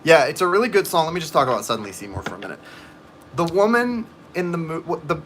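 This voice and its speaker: Guy doing tarot on a livestream, bright voice, rambly and chatty, faint hiss behind. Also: on the high side. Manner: chatty, rambling, talks to viewers in the chat. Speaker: tarot reader. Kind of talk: live-stream tarot reading chat.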